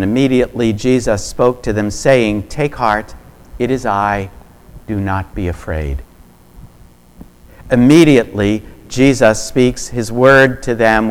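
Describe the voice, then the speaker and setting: A man preaching a sermon, reflective and varying his loudness for emphasis. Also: medium pitch.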